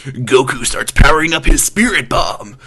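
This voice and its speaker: Bright-voiced playful male host. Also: mid-range voice, expressive, normal speed, slightly rough. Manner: laughs often, playful. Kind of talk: casual chat.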